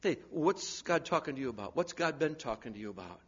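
Preacher guy, husky and kinda high, dull lo-fi church tape, goes loud then real quiet. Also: expressive, fast talker. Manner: swings from loud urgent pleading to hushed near-whispers. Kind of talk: sermon.

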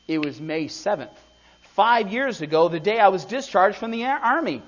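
Preacher reading young discharged soldier, earnest and a bit hesitant; high voice, muffled audio. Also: male voice, lively intonation, moderate pace. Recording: dull lo-fi recording.

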